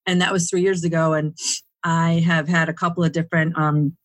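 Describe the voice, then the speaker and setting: A woman's voice: low voice, flat delivery, fairly quick, dry recording. A woman guest in an interview, telling her story in a rambling way with many restarts and fillers. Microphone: home setup, dry sound.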